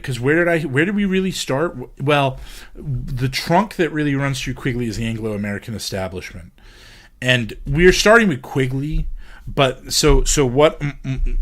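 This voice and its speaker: A man's voice: mid-range voice, fairly bright tone. A man giving a casual podcast lecture, hesitant, with many ums and restarts. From England.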